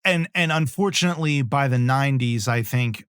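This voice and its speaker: A man's voice: mid-range voice, normal speed, clear, resonant tone, no room sound. Chatty man reviewing a film, dry sound. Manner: rambling, self-interrupting, animated asides. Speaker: podcast co-host. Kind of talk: casual movie review chat.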